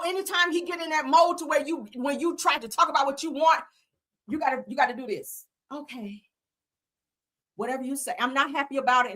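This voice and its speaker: Lively blunt woman streamer. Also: sits high. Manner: blunt, profane, emphatic, often laughing; reads viewer comments aloud. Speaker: host. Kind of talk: live reality TV commentary.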